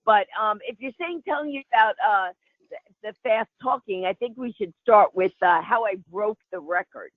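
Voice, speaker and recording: Animated woman storyteller on a phone line. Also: mid-range voice, moderate pace, no room sound. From New York City. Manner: animated, acts out quoted voices. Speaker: guest, comedian. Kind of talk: comic storytelling. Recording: tinny phone line, dry.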